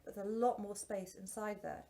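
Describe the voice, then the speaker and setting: Here a female singing teacher reviews a product casually while wearing a face mask, so she sounds a bit muffled. Medium in pitch and dark in tone, she talks at normal speed with level intonation, often restarting and making light of herself.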